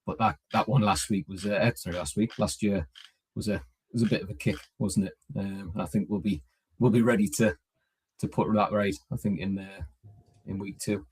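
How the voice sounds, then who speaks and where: Co-host, husky and lowish, halting casual talk. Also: male voice, fairly even intonation. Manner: halting, restarts often. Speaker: podcast co-host. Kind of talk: casual podcast chat.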